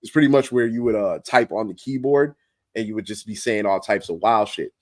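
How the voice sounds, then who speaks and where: A man guest streamer talking casually in an interview, relaxed and slangy with many fillers. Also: lowish voice, brisk, no echo.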